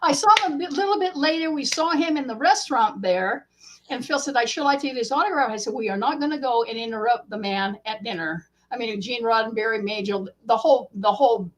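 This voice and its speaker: A woman author, a guest in an interview, telling a story in a casual, animated way and acting out the quotes. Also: a little high, fairly quick.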